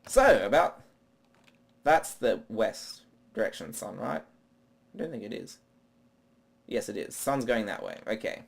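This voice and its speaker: A man's voice: lowish voice, lively intonation, a little slow, gravelly, long pauses, breathy edge. A man doing rambling, self-talking let's play commentary while he plays. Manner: rambling, talks to himself. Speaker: gaming channel host.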